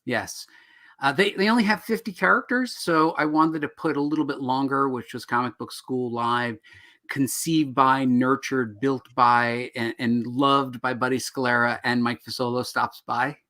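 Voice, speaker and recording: A man's voice: mid-range voice, fairly even intonation, normal speed, sharp tone. A man co-hosting a live comics-writing stream, joking around with lots of fillers and restarts. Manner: jokey, rambling, lots of fillers. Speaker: co-host. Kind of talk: casual live-stream chat.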